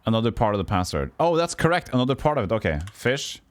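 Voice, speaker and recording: A man's voice: mid-range voice, big pitch swings, fast, no room sound. A man streaming a retro game, reading and puzzling aloud, swearing freely. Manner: swears, plays silly voices. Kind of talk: casual game commentary.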